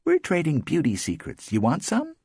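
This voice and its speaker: A woman's voice: low voice, wildly swooping pitch, moderate pace, mellow, slightly rough, dry recording, clean studio sound, pitched above the performer's own voice, full character voice. Man doing a brash sarcastic woman friend. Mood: teasing. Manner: blunt, sarcastic.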